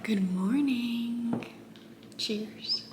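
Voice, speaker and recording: A woman who teaches high school math, chatting casually to camera in a self-deprecating way and laughing often. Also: extremely slow, over loud music. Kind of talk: casual vlog chat. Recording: noticeable background noise.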